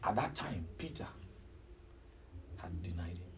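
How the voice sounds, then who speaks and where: A man preaching a sermon, telling the story dramatically and swinging between loud outbursts and hushed near-whispers. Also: deep voice, animated, measured pace, a little hiss or hum, low-quality recording.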